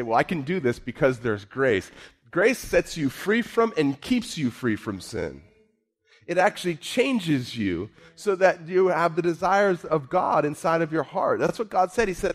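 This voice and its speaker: A man preaching a sermon, moving from low, quiet musing to raised, emphatic points, slowing down and repeating words for emphasis. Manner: repeats himself, speaks slowly for emphasis. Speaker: pastor.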